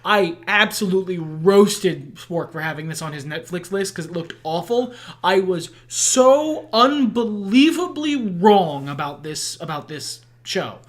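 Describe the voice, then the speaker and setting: A man with a high, nasal voice co-hosting a podcast in casual chat, blunt and self-deprecating, swearing freely. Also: normal speed, few pauses, a bit bright. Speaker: podcast co-host.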